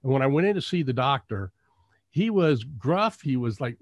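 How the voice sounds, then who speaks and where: A man's voice: mid-range voice, very animated, moderate pace, no room sound. A man hosting a conversational interview, affirming his guest and telling a short story of his own. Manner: affirming, storytelling, asks open questions. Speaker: interview host.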